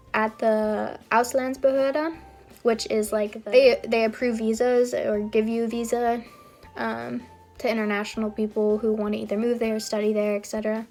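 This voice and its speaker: A young woman vlogs a personal story in a casual, rambling way, peppering it with ums and likes. Her voice is a little high with a darkish tone.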